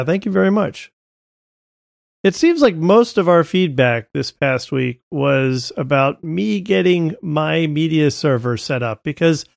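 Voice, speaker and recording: A man's voice: on the high side, vocal fry, no room sound. A man co-hosting a tech podcast, easygoing with a dry sense of humor. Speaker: podcast co-host. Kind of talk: casual podcast chat.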